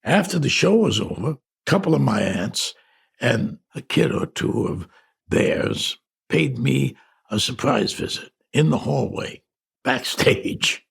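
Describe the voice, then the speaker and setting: An older New man reads his memoir aloud in a deeply gravelly, husky voice. He drifts back through memories with halting restarts and casual asides. His pitch rises and falls a lot. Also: expressive. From New York. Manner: reflective, halting, with conversational asides. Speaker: memoir narrator. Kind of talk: audiobook memoir narration.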